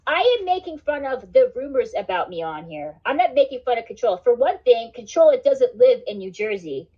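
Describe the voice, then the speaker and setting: A woman chatting on her livestream, rambling and cursing, with "like" and "dude" all through her talk. Her voice sits a bit high. The audio is dull and lo-fi. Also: very animated, moderate pace. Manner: rambling, swears a lot, says "like" and "dude". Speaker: livestream host. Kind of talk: casual livestream chat.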